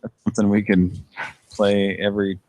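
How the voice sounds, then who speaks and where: Deep-voiced laughing man hosting. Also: little pitch movement, moderate pace, a little mellow. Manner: laughs often, rambling. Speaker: host of a prank call show. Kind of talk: casual live chat.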